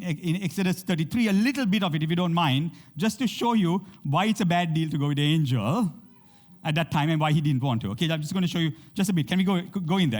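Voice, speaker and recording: A man's voice: on the high side, a little mellow. A man preaching a sermon to a congregation, reading scripture aloud and often checking in with "okay?". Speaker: pastor.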